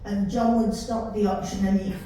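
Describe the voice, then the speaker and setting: An older woman with a Yorkshire accent, chatting warmly as she tells stories from her life. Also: mid-range voice, level tone, moderate pace. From Yorkshire, England. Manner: chatty, warm storytelling with laughs. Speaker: storyteller recalling her life. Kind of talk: casual reminiscing. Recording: roomy, distant mic with faint hiss.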